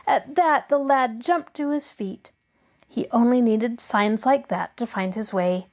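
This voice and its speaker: A woman host reading a classic children's novel aloud in an expressive storytelling voice. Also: fairly high pitch, unhurried.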